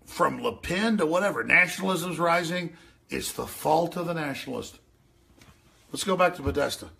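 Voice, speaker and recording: Gravelly ranting male radio host. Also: normal speed, sharp tone. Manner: ranting, mocking, mimics voices in shrill falsetto. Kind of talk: animated commentary over news clips.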